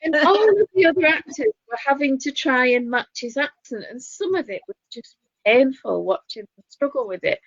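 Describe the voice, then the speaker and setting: A woman's voice: high-pitched, animated, moderate pace, no echo. A woman with a Northern English accent co-hosting a casual chat, opinionated and chatty with laughing asides. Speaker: podcast co-host. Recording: dull lo-fi dry sound.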